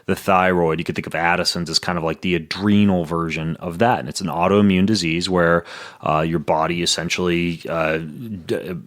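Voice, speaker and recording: A man's voice: sits low, steady tone, fairly bright tone, dry recording, studio quality. A man hosting a podcast, chatting casually and joking his way through ad reads and health answers. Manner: playful, quick, jokey. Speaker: podcast host.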